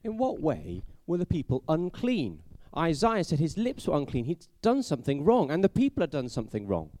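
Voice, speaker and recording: Lively, questioning male preacher. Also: fairly high pitch, moderate pace. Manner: storytelling, asks the listeners many questions. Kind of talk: sermon for a family audience.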